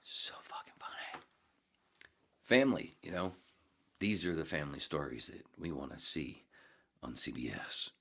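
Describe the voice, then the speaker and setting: With an extremely low, husky voice full of vocal fry, expressive and moderately paced, a middle-aged man runs a solo podcast, wandering through self-mocking anecdotes and reading the live chat, now and then whispering or laughing.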